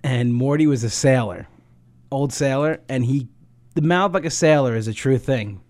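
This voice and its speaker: Crude, laughing storytelling man. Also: mid-range voice. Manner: crude, laughing, acts out loud gruff quotes. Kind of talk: casual storytelling chat.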